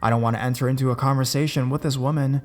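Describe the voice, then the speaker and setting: A man giving a scripted first-person horror story narration in a measured, deliberate way. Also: medium pitch, fairly even intonation.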